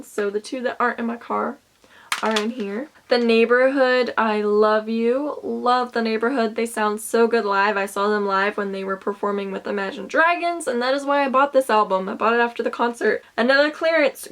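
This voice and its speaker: A young woman chatting casually in a show-and-tell vlog, listing things with bursts of excitement. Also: fairly high pitch. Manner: chatty, enthusiastic, lists items with bursts of excitement. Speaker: vlogger.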